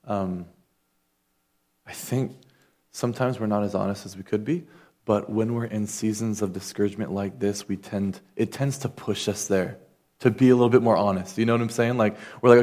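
A man delivers a sermon in a low voice. He speaks earnestly and conversationally, voicing the people he quotes. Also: fairly even intonation, normal speed, darkish tone. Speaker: pastor.

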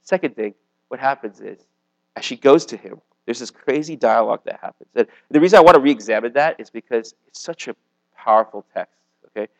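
A man, probably a youth pastor, gives a casual sermon to a young live audience in a meeting room, talking conversationally and peppering it with "like" and "okay?". His medium-pitched voice is animated, gravelly and a little fast. The audio quality is poor.

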